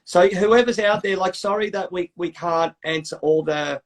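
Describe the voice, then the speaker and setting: A man's voice: high-pitched, normal speed. A middle-aged man, hosting a casual chat and rambling through stories with plenty of swearing. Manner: rambling, swears freely, tells stories with quoted voices. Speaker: podcast host.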